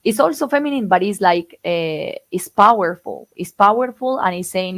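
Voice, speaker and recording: A woman's voice: mid-range voice, animated, normal speed, no room sound. A woman interviewer, a native Spanish speaker, asking questions with enthusiasm and hesitant fillers.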